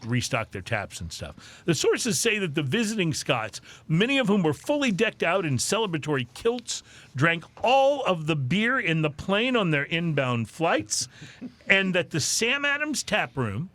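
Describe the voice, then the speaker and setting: A man hosting a podcast, reading drinking news with deadpan jokes. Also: sits high, unhurried. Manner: animated, deadpan joking delivery. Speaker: podcast host.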